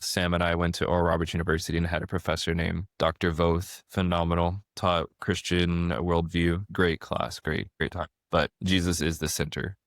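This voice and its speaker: Man, thirties, podcast host, very low voice, dry close sound, animated storytelling, casual. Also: normal speed, hardly any pauses, no echo. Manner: animated storyteller, frequent restarts. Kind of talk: casual conversation.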